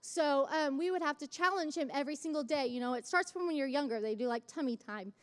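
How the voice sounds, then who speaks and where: Very high-voiced young woman preaching. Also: fast, big-room sound. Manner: chatty, self-mocking, builds to fervent exhortation. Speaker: church speaker. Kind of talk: sermon with personal story. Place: church service.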